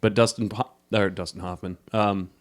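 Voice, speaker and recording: A man's voice: lowish voice, steady tone, normal speed. A man co-hosting a casual film podcast, rambling through stories and laughing often. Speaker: podcast co-host.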